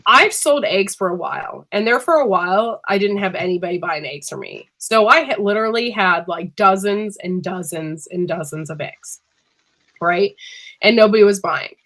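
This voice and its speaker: A woman's voice: medium pitch, lively intonation, normal speed, fairly bright tone. A woman hosting a casual live-stream chat from home, sick and coughing, chatty and laughing often. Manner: chatty, laughing, says freaking a lot. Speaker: host.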